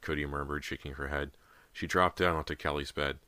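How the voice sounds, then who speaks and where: A man with a very deep voice reads a horror story in a measured, suspenseful way. His tone is bright and forceful, and the recording is dry and close, with no room sound around it. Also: level tone, dry recording. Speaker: audiobook narrator. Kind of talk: scripted audiobook narration.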